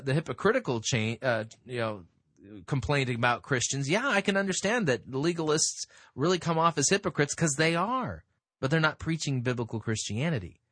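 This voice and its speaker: A man's voice: mid-range voice, a bit bright, no echo, studio quality. A man hosting a talk show who reads from an article and answers it in a sarcastic, dismissive way, with many fillers. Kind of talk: commentary on a read-aloud article.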